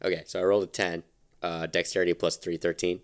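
A man's voice: low-pitched, flat delivery, fast talker, smooth. A man playing a tabletop game in casual talk, joking and unsure of the rules. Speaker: player.

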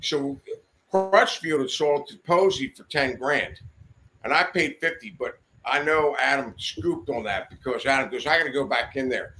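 Podcast guest, male, bright edge, animated and foul-mouthed, acts out voices in his tale. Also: mid-range voice, a little slow. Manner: profane, animated, acts out every voice. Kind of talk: casual storytelling. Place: podcast studio.

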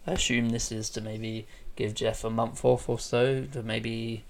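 A man's voice: medium pitch, flat delivery, normal speed, gravelly. A man co-hosting a podcast, chatting casually and hesitantly with plenty of fillers. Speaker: podcast co-host. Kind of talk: casual wrestling chat.

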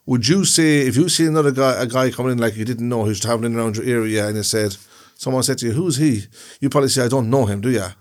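A man's voice: medium pitch, fairly even intonation, quick pace, hardly any pauses. An Irish man co-hosting a podcast, explaining things in a rambling way and repeating himself. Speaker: podcast co-host. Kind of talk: casual chat.

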